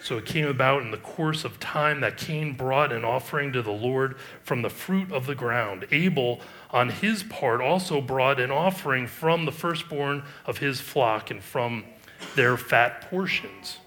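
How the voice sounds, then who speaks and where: Preaching at a slightly slow pace in a medium pitch, this middle-aged pastor reads scripture aloud and offers commentary. He builds to emphatic rises, then drops into quiet asides.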